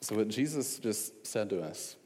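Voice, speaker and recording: A man's voice: on the low side, animated, a little slow, darkish tone. A man giving a sermon as a preacher, talking conversationally with frequent fillers and restarts. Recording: long reverb in a large hall.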